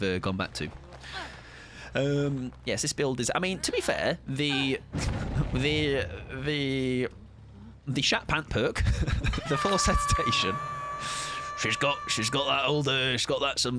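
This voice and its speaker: Against a noisy background, a man with a medium-pitched voice live-streams a game. He chats playfully, says hello to viewers, and drops jokey asides in casual commentary.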